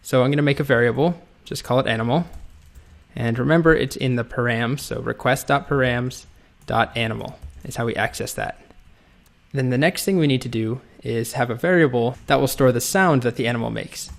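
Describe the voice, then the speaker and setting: Guy doing a coding tutorial, gravelly voice, easygoing step by step explaining. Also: mid-range voice, a little fast. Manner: relaxed, explains step by step while typing. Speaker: coding instructor. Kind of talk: screen-recorded coding tutorial.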